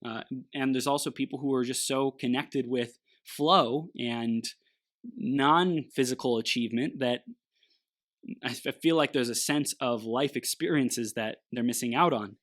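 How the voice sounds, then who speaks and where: A man's voice: mid-range voice, unhurried, fairly bright tone. A man, the host of a conversation, thinking aloud in a searching way and often restarting his phrases. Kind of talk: reflective conversation.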